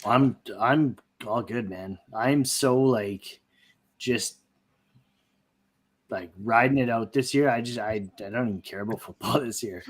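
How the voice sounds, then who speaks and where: A man co-hosting a casual podcast, laid-back and halting, often trailing off mid-thought. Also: medium pitch. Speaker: podcast co-host.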